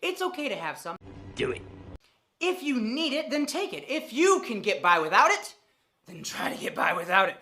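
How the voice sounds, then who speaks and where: Animated, bright-voiced woman vlogger, swearing freely. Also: fairly high pitch, normal speed, faint music behind. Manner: animated, profane, emphatic repetition. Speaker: fitness vlogger. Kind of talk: casual vlog monologue.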